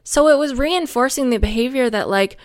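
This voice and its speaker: A woman's voice: high-pitched, fairly quick, dry recording. A young woman telling a story in a casual monologue, venting, swearing freely and filling her talk with "like". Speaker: podcast host.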